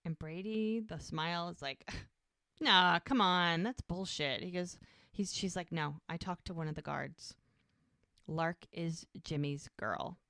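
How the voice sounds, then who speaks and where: A woman's voice: low-pitched, steady tone, unhurried, gravelly, no room sound, clean studio sound. A woman co-hosting a podcast, casually recapping a scene and acting out the characters' lines. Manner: retells scenes, acting out dialogue. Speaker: podcast co-host.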